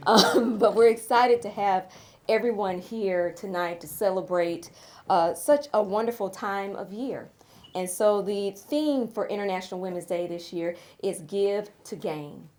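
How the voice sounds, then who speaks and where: A woman's voice: mid-range voice, measured pace, darkish tone. A middle-aged woman from Tennessee with a Southern accent, hosting a charity awards evening in a chatty, self-teasing way. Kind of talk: live speech to an audience. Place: event room with a live audience. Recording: live room with crowd noise.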